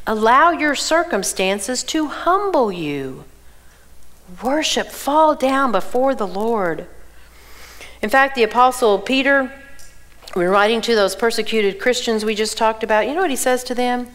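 Southern lady preaching to a room of women, higher voice, lively, keeps asking them questions. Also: moderate pace. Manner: animated, asks the audience questions. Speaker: women's conference speaker. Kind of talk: Bible teaching to a women's conference. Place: church auditorium.

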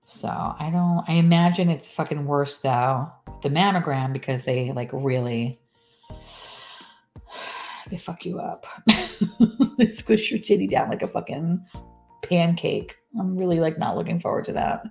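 A woman's voice: deep voice, animated, a little slow, vocal fry, long pauses, darkish tone, faint music behind. A woman, chatting casually and profanely on a live stream, often laughing as she talks.

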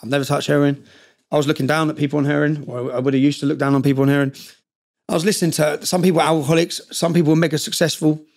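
A man's voice: fairly high pitch, little pitch movement, very fast, vocal fry, darkish tone. A middle-aged man, a podcast guest, telling his story intensely and often checking in with "yeah?". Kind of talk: storytelling in conversation.

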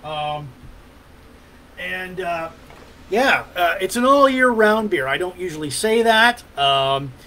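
A man's voice: sits high, animated, slow, bright, forceful tone, slight background noise, rough recording. A middle-aged man hosting a podcast in casual rambling chat, loose and full of fillers and hums, with the odd swear. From Ontario, Canada. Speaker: podcast host.

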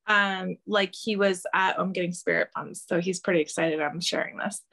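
A woman with a gravelly edge to her voice relays answers as a medium. She talks haltingly, with frequent ums and pauses, now and then breaking into laughter. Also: lowish voice, steady tone, fairly bright tone. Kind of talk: channeling interview, relaying quotes.

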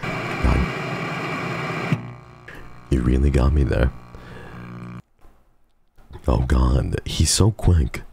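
A man's voice: extremely low pitch, very slow, creaky, long pauses, warm tone, a little hiss or hum. A man streaming a game live, chatting casually with his viewers, swearing and joking.

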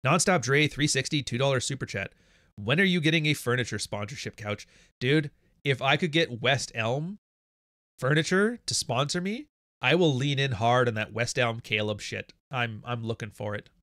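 A man's voice: medium pitch, normal speed, dry recording, clean studio sound. Blunt, profane male livestream host. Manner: blunt, profane, animated storytelling. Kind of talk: casual livestream monologue.

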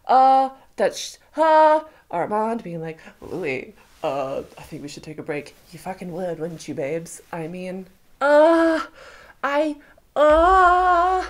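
Casting: young woman, trailer-reaction vlogger, excitable and gushing. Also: medium pitch. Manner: excitable, swears freely, gushing.

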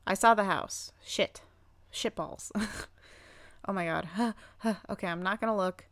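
A young woman chatting casually over her gameplay, excitable, squealing and swearing at what happens on screen. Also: medium pitch, measured pace, dry recording. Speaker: gaming channel host.

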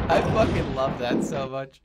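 A man's voice: mid-range voice, heavy background noise. A man streaming a game, chatting casually, laughing and swearing often. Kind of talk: casual gameplay commentary. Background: loud game music.

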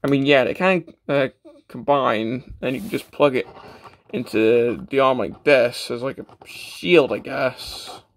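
With a mid-range voice and a slightly slow pace, a man offers a relaxed review of a toy. Stammering, "uh" fillers, and restarts crop up throughout, and he talks plainly while downplaying himself.

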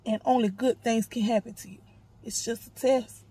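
A woman's voice: on the high side, fairly even intonation, moderate pace, dark tone, slightly rough, low-quality recording. A woman recording an affectionate, emotional get-well video message, close to tears.

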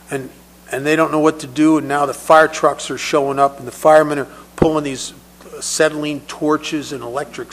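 The recording is low quality, carrying a man's fairly high voice as he talks through personal stories at a recovery meeting. He speaks conversationally and keeps repeating words whenever he restarts.

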